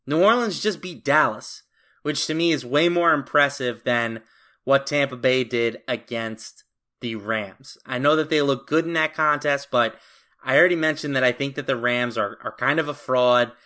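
A man co-hosting a sports betting podcast, giving his picks in a confident, brisk manner with casual fillers. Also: medium pitch, bright, forceful tone. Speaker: podcast co-host.

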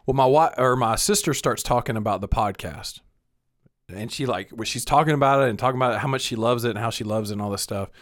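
On a podcast he co-hosts, a middle-aged man spins stories in loose, profane conversation. His voice is medium-pitched and quick, and he's lively, with plenty of cursing.

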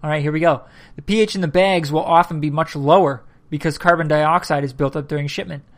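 A man's voice: a little high, steady tone. A tired man hosts a casual solo podcast, reading sources aloud between yawns. He trips over words and stops to comment on what he reads. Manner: reads aloud haltingly, stumbles and comments as he goes. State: tired, yawning. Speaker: podcast host.

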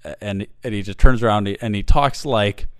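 Smooth-voiced man chatting about a film. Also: on the low side, a little fast, no room sound, studio quality. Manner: rambling, many fillers and restarts. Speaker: podcast host reviewing a film. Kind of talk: casual chat.

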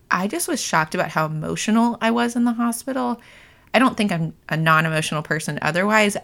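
A woman's voice: lowish voice, creaky, sharp tone. A woman in her thirties hosting a podcast, talking casually and candidly with many "like" fillers and easy laughter. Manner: chatty, frequent "like" fillers, laughs easily. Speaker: podcast host. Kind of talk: casual personal chat.

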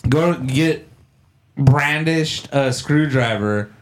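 A man's voice: mid-range voice, very slow, slight background noise. A young man casually telling a rambling, profane story to friends, laughing as he goes. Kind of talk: casual chat.

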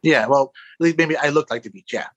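A man playing a tabletop game, speaking softly and hesitantly in character. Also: a little high, highs cut off. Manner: soft-spoken, hesitant, slow. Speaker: player. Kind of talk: tabletop role-play.

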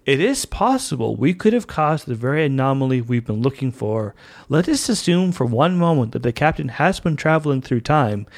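A man's voice: mid-range voice, big pitch swings, moderate pace. A man voicing a curious male android officer with formal, precise phrasing in his own voice. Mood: intrigued.

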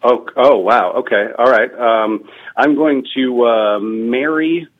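A young male comedian telling stories on a podcast with a dry, self-deprecating deadpan. His voice sits at an average pitch. The audio is dull and lo-fi. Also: slow. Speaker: comedian guest. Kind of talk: casual podcast chat, storytelling. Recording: dull lo-fi sound.

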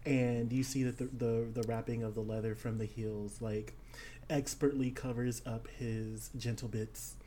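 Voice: medium pitch, steady tone, a little slow, warm tone. Hesitant casual narrator, faint noise. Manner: hesitant, filler-heavy.

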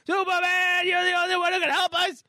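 A man's voice: monotone, a little fast, bright, forceful tone, dry recording, studio quality, heavily acted. A man putting on a frantic teenage boy crying for help. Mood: pleading. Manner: frantic, pleading, high and strained. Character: panicked teenage boy trapped in a burning house.

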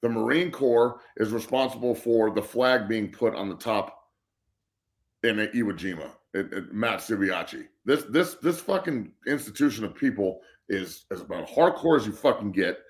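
A man's voice: fairly low pitch, lively intonation, moderate pace. A middle-aged man ranting bluntly and profanely as a guest on a casual sports talk show. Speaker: guest co-host.

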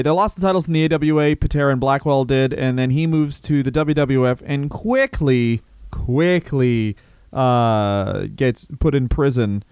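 Smooth-voiced rambling comedian. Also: male voice, mid-range voice, a little mellow, no echo. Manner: rambling storyteller, swears, laughs often. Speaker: comedian podcast co-host. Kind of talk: casual comedic chat.

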